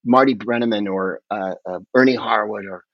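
A man's voice: fairly low pitch, moderate pace, dry recording, dull audio. A man from the Bay Area chatting as a podcast guest, rambling and emphatic, swearing freely. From San Francisco Bay Area. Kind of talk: casual conversational storytelling.

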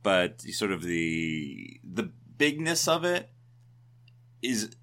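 A man's voice: sits low, very animated, very slow, fairly bright tone. A man in his forties, co-hosting a podcast in casual chat, rambling and correcting himself as he goes. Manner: rambling, self-correcting, chatty. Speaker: podcast co-host.

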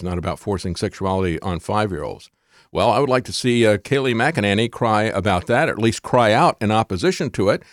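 A man's voice: medium pitch, dry recording, clean studio sound. A man hosting a talk show, giving emphatic opinionated commentary with sarcastic asides.

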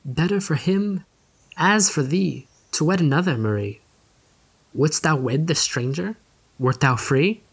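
A man's voice: fairly high pitch, lively intonation, unhurried, slightly rough, heavily acted. A man reading the part of an agitated, frail elderly father, with urgent, fatherly, archaic speech. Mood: persuasive. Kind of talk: audiobook reading.

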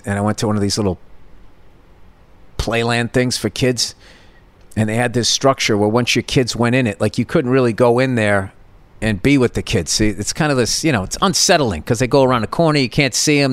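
A man's voice: mid-range voice, quick pace, no echo. A man in his fifties hosting a podcast, telling a rambling, profane comedic story with lots of restarts. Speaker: podcast host.

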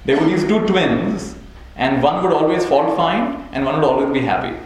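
A man's voice: fairly high pitch, animated, normal speed, crowd noise. A man teaching a live audience as a spiritual teacher, telling stories, chuckling often and checking in with "right?". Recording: very echoey hall, faint noise.

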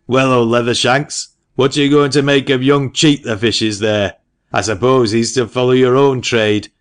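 A man doing a gruff, blustering old parson. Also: medium pitch, fairly even intonation, normal speed, voice pushed up, lightly acted. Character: brusque, gruff old male parson, impatient and sharp-tongued. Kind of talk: audiobook character reading.

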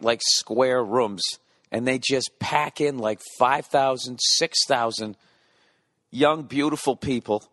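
A man's voice: medium pitch, fairly bright tone, no room sound, studio quality. A man in his forties doing a rambling, profane comedic monologue, often interrupting and correcting himself. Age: 40s.

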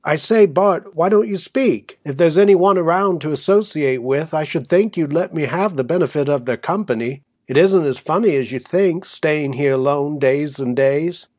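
A man's voice: a little high, normal speed, hardly any pauses, darkish tone, close to an everyday voice. A man doing Flora, a stubborn young wife. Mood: pleading. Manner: pleading, persistent questioning. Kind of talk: audiobook character reading.

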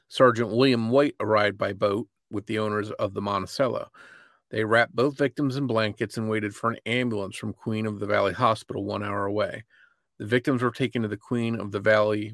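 A man co-hosting a podcast, reading a true-crime script in a measured way. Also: fairly low pitch, gravelly, a bit bright, no echo, clean studio sound. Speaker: podcast co-host.

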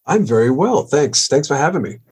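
A man's voice: a little high, very animated, a little fast, a little mellow, breathy edge. A man, a rock drummer telling stories and joking as a podcast guest. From Long Island, New York. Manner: joking, storytelling, laughs easily. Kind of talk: casual interview chat.

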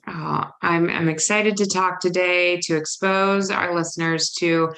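A woman hosting an interview, warm, supportive and openly emotional. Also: lowish voice, fairly even intonation, unhurried. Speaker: podcast host. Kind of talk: interview conversation.

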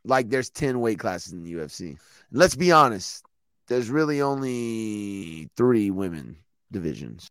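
A man's voice: fairly low pitch, big pitch swings, measured pace, fairly bright tone, clean tone, no echo. A man co-hosting a podcast, chatting loosely with lots of swearing and laughter. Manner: loose, profane, laughing banter. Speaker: podcast co-host. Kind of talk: casual chat.

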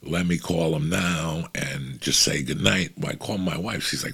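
A man's voice: deep voice, expressive, normal speed, creaky, hardly any pauses, fairly bright tone, husky. A man, a comedian telling a long story in a profane, rambling, casual way.

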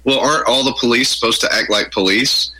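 A man talking as a guest in an interview, with a very bright, forceful voice that carries a husky edge. He tells stories emphatically and often repeats himself as he builds his point. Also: mid-range voice, a little fast, poor audio. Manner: emphatic, storytelling, repeats words. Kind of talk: conversational interview.

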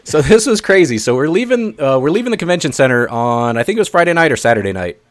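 A man co-hosting a podcast, telling stories in a rambling, excitable way with lots of fillers. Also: fairly high pitch, fast talker, dry recording. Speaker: podcast co-host. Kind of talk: casual chat, storytelling.

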